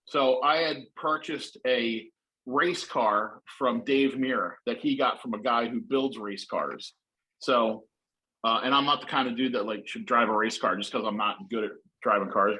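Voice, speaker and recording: A man telling a story in casual chat, acting out other people's voices with lively energy. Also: medium pitch, moderate pace, low-quality recording. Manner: animated, acts out voices in stories.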